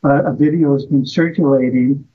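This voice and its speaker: A man's voice: mid-range voice, steady tone, normal speed. A man talking as a podcast guest, telling stories and asking rhetorical questions. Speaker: guest, health practitioner. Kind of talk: casual conversation. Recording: muffled, dull audio.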